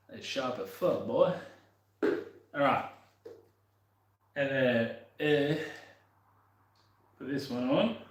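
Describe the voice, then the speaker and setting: Young guy fixing his bike and muttering away, mid-pitched voice, roomy echo. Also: a bit bright. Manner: rambling, mutters to himself, swears casually. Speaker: vlogger working on his motorbike. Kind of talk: casual running commentary while working.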